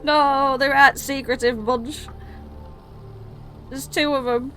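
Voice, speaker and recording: A woman's voice: high voice, steady tone, takes it slowly, sharp tone, faint music behind, pitched above the performer's own voice, full character voice. A woman voicing a panicked, scatterbrained father who has lost his children, stammering and flustered.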